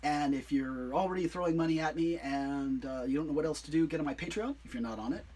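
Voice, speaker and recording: Brief: singer-songwriter on a live stream, rambling and self-deprecating, fairly high voice. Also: male voice, quick pace, a little mellow. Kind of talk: casual chat between songs. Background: acoustic guitar.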